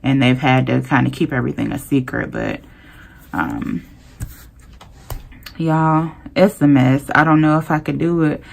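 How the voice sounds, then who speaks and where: Low-voiced gravelly woman ranting. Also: unhurried, long pauses, a little hiss or hum. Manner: animated, talks straight to viewers with southern-style slang. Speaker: planner vlogger. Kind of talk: casual chatty rant while planning.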